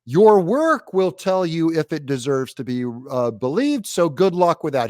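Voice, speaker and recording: A man's voice: a little high, very animated, a little slow, few pauses, darkish tone, no room sound. Man mocking news clips, dry sound. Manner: mocking, sarcastic rebuttals. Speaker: political commentary host. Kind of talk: reaction commentary on news clips.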